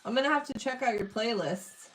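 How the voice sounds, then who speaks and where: A woman's voice: fairly high pitch, animated, a little fast. A young woman chatting casually with her live-stream chat while she draws, greeting viewers and reading their comments. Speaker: streamer drawing requests.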